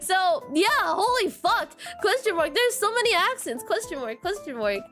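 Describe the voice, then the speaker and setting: A woman's voice: very high voice, big pitch swings, moderate pace, fairly bright tone, soft background music. A young woman streamer in casual chat, reading viewer comments aloud with giggles and a habit of repeating "question mark".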